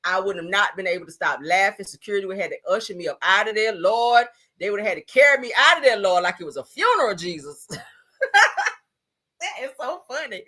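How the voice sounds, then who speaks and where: Sassy, lively gossip host woman. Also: mid-range voice, brisk. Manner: loud laughing reactions, sassy exclamations. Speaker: commentary channel host. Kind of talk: casual gossip commentary.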